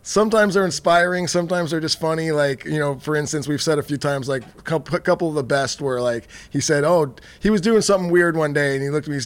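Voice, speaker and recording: A man's voice: a little high, fast talker, hardly any pauses. A man hosting a podcast, telling rambling, laid-back stories in casual chat. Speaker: podcast host.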